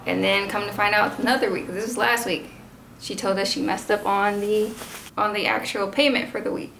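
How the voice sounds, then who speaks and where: Chatty young woman, gravelly, noisy recording. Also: mid-range voice, fairly quick. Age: 20s. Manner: chatty, animated retelling with many "like" fillers. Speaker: vlogger and mother. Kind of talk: casual storytime vlog.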